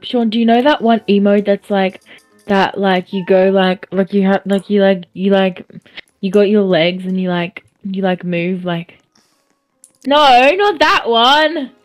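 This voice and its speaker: A woman's voice: mid-range voice, a little slow, soft background music. A young woman playing a game with a friend, rambling with many fillers and laughing a lot. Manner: giggly, rambling, lots of filler words. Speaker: gamer, guest co-player. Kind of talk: casual gaming chat.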